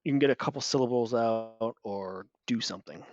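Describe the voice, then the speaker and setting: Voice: medium pitch, brisk, a little mellow, dull audio. A game master running a tabletop game in a casual, rambling way with many fillers.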